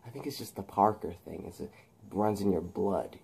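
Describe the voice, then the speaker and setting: Ein Mann spielt einen leise drohenden jungen Erben. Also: male voice, fairly quick, vocal fry, slightly rough, exaggerated voice. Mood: menacing. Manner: low, hushed and menacing. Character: scheming young rich man, cold and taunting.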